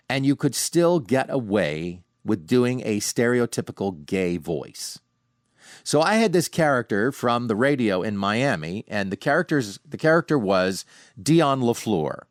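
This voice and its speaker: A middle-aged man hosting a podcast, casually telling animated anecdotes from home with frequent restarts. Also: medium pitch, dry recording, clean studio sound. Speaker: podcast host. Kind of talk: casual storytelling monologue. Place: home, sitting on a couch.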